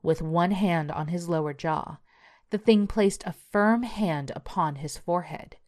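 A woman narrating a horror story in a measured storytelling voice. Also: on the low side, darkish tone.

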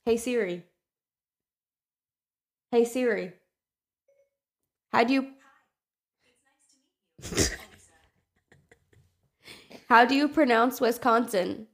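A woman's voice: a little high, drawn-out words, long pauses, fairly bright tone. A young woman co-hosting a casual podcast, laughing often, swearing freely and reading a listener's letter aloud. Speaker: podcast co-host.

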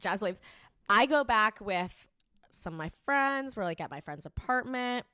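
A young woman co-hosting a podcast, telling a story in a lively, casual chat, laughing and swearing freely. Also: medium pitch, unhurried, clean tone, dry recording, studio quality. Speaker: podcast co-host.

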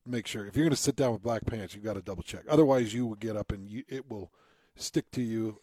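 A man's voice: lowish voice, fast talker, mellow, dry recording. A man co-hosting a casual talk show, chatty and enthusiastic, laughing often. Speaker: radio co-host. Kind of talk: casual chat.

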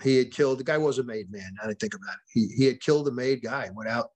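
A man speaking as a podcast guest, unspooling a long anecdote in plain conversational speech. He stumbles and restarts often, repeating words as he goes, and drops in quoted dialogue from the people in his story. His pitch sits in an ordinary middle range. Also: rapid-fire. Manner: retells events with quoted dialogue.

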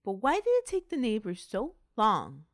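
A woman's voice: mid-range voice, huge pitch swings, moderate pace, no echo, studio quality. A woman hosting a podcast, narrating a true-crime story in a chatty way with asides. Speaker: podcast host.

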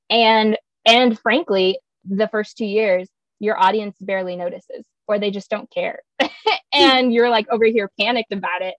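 A woman's voice: medium pitch, steady tone, moderate pace, no room sound, highs cut off. A young woman talking casually on a podcast, chatty and laughing often, acting out her own voice when quoting herself. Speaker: podcast guest.

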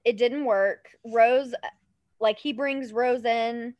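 A woman co-hosting a podcast, telling a story in casual chat, animated, laughing often and tripping over words. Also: a little high, takes it slowly, dry recording, muffled recording. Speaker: podcast co-host.

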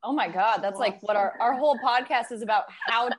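A woman's voice: a little high, a little fast. A woman hosting a podcast, asking playful questions and laughing easily. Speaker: podcast host. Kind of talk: casual podcast chat.

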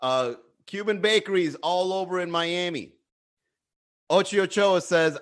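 A man's voice: high-pitched, normal speed, a bit bright. A man chatting casually on a livestream, reading the chat and joking with a lot of profanity. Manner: profane, joking, laughs often.

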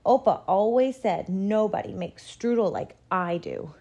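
Stubborn homesick grandmother over 70, mellow and lilting, voiced by a woman reader. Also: medium pitch, lively intonation, a little slow, dull audio. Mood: wistful.

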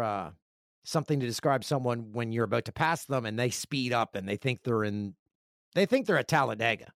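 Reading out mail from listeners, a middle-aged podcast host tells funny, self-mocking stories in an animated, joking way. His voice sits at medium pitch, captured in clean studio sound without any room echo.

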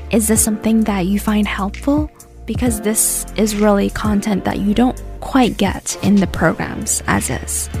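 Casting note: woman, gravelly low-edged voice, teacher explaining slowly, music bed behind. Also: animated. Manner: gentle, explanatory, speaks slowly. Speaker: English teacher and host. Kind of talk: casual lesson talk. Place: based in the US.

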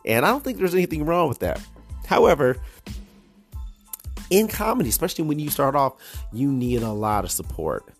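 A man's voice: mid-range voice, sing-song, normal speed, long pauses, faint music behind. A young adult man hosting a podcast, telling a story casually, laughing often and restarting his sentences. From United States. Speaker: podcast host.

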